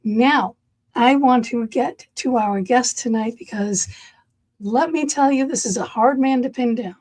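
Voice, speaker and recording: A woman hosts a casual chat, her voice hoarse and husky from overwork. She talks with chatty enthusiasm, sitting a little above the usual pitch for a woman. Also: a little slow, a little mellow, poor audio. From Massachusetts. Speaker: host.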